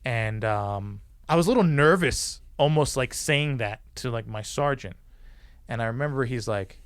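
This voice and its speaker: Gravelly man telling a story. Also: mid-range voice, normal speed, dry recording, clean studio sound. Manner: animated, acts out quoted dialogue; swears freely. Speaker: podcast guest, former police officer. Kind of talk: casual storytelling.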